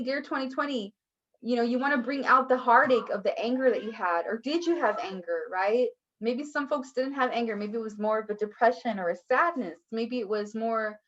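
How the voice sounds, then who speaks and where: A woman teaching a poetry workshop in a chatty, animated way, acting out small quoted outbursts. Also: a little high, muffled recording. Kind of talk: online workshop talk.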